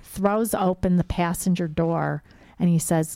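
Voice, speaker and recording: Gravelly dark-voiced woman telling stories. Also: fairly low pitch, a little slow, dry recording. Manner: suspenseful, conversational storytelling with frequent "like" fillers. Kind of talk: casual storytelling chat.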